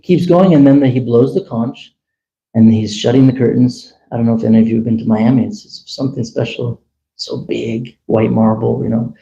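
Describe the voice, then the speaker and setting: Gravelly, dark-voiced man telling a story. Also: mid-range voice, moderate pace, lo-fi sound. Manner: chatty, animated, full of quoted dialogue. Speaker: temple speaker. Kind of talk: casual storytelling talk.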